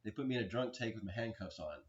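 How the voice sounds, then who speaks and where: A man in his forties giving a rambling, aggrieved personal account, halting often with restarts and fillers. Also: lowish voice. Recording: dull lo-fi recording.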